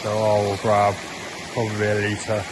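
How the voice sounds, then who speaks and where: A man from south-west England keeps a rambling, halting hiking diary outdoors, full of fillers and restarts. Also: lowish voice, completely flat delivery. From Plymouth, south-west England. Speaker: hiker and vlogger. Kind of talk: casual spoken hiking diary. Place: outdoors on open moorland and in woodland. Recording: outdoor camera audio with wind noise.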